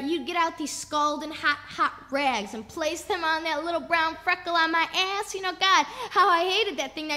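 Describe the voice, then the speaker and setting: A woman's voice: very high-pitched, sharp tone. A woman giving a spoken word performance, telling a story in a raw, profane, rhythmic way. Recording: long reverb.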